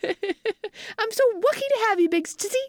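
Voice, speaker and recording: Mom doing a tiny baby boy voice, super high and squeaky, all sweet and cooing. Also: lively intonation, a little slow, no echo, studio quality. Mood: adoring.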